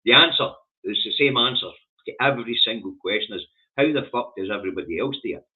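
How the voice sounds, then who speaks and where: This man from Scotland has a lowish voice with lively intonation and a quick pace, heard through tinny, phone-like audio. Hosting a news review stream, he reads out headlines and tears into them with scornful, heavily profane rants.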